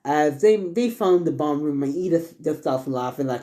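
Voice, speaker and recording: A man's voice: on the high side, expressive, moderate pace, hardly any pauses, dark tone. A man casually narrating a fan story, rambling and stumbling with lots of fillers.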